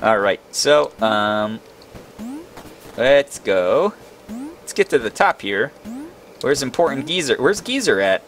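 Excitable young male gamer, lively, playful, mid-pitched. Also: takes it slowly, long pauses, soft background music. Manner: excitable, exclaiming. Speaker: gaming video host. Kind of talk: let's play commentary.

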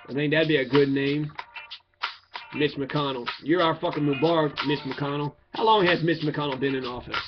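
A man with a somewhat high voice rants about politics, swearing freely and calling out his target by name. The recording is dull and lo-fi, and music plays clearly underneath him. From Kentucky. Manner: profane, ranting, addresses his target directly. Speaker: political commentator. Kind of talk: angry political rant.

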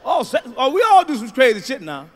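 Loud profane stand-up comic, high voice. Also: male voice, huge pitch swings, fairly quick. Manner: profane, loud, punchy delivery with shouted punchlines. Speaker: stand-up comedian. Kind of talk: stand-up comedy routine.

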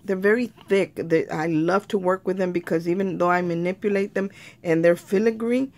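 A woman explains a craft project step by step in a relaxed, chatty way, often turning to her viewers as "you guys". Her voice sits a little low and carries a gravelly fry. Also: normal speed. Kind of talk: casual craft tutorial.

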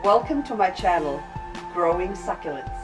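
A woman hosting a plant unboxing vlog outdoors in the sun, excitable and gushing with frequent exclamations. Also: lowish voice, moderate pace, music in the background. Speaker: plant vlogger. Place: outdoors in sunlight.

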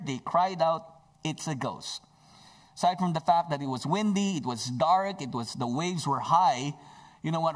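A male pastor preaching a sermon, emphatic, stretching out key phrases, with joking asides. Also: sits high.

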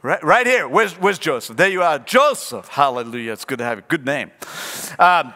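A male pastor delivers a sermon to a live congregation, acting out the characters as he tells the story. His voice sits high and bright. The sound carries the long reverb of a large church hall. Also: animated, moderate pace.

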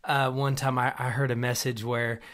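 A man's voice: medium pitch, little pitch movement, normal speed, crowd noise. A young man co-hosting a casual faith podcast, joking and laughing often as he talks. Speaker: podcast co-host.

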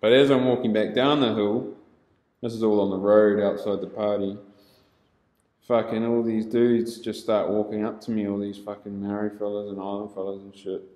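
A young New Zealand man with a New Zealand accent telling a rough story casually, heavy on swearing and laughter, now and then shouting. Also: fairly low pitch, level tone, moderate pace, echoey room, low-quality recording.

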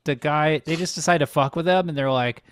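A man's voice: on the high side, a little fast, clean tone. Man rambling through a movie recap. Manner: recaps the plot in long rambling runs. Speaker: podcast co-host. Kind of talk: casual movie recap chat.

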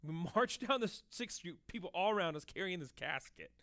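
A man's voice: high voice, lively intonation, fairly quick, creaky, pushed and bright. A young adult man preaching a sermon as pastor, telling a personal story with frequent fillers and restarts.

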